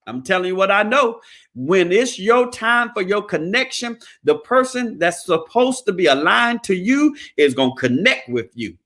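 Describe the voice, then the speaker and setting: A man's voice: sits high, big pitch swings, moderate pace, a bit bright. A man, talking in a preachy, emphatic, folksy way, giving motivational talk about credit. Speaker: credit repair business owner.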